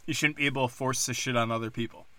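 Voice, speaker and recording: A man's voice: medium pitch, fairly even intonation, rapid-fire, sharp tone, no room sound. A man hosting a casual news rant, sarcastic and profane, rambling from story to story.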